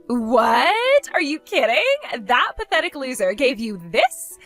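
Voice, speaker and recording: A woman's voice: sits high, big pitch swings, slow pace, fairly bright tone, soft background music, heavily acted. A woman voicing a spoiled, vain young woman who gloats, insults and giggles in a text-story skit. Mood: mocking.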